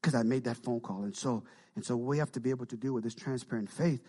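Husky-voiced preacher man, call-and-response. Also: mid-range voice, fast, warm tone. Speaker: pastor. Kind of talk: sermon.

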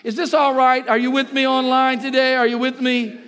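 A man preaching a sermon as pastor, swinging between loud shouts and low, quiet stretches, repeating words and calling out to the congregation. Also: flat delivery, moderate pace, clear, resonant tone. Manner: impassioned preaching, rising to shouts and dropping low.

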